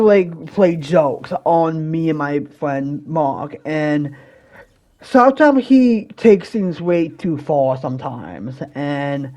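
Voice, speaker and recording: A young man hosting his own channel, telling a personal story in a rambling, casual way, with many fillers and restarts and occasional bursts of loud exasperation. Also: high-pitched. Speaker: channel host.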